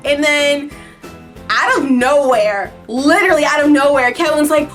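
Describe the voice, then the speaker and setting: Excitable high-voiced young woman vlogger. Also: unhurried, faint music behind. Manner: excitable, breaks into high squeals when retelling. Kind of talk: casual storytelling to camera.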